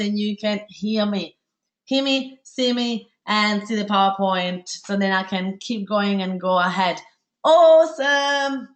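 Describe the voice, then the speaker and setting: A woman from Italy with an Italian accent, hosting a live webinar in a fast, bubbly, chatty way with many fillers. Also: medium pitch, fairly bright tone. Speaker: webinar host.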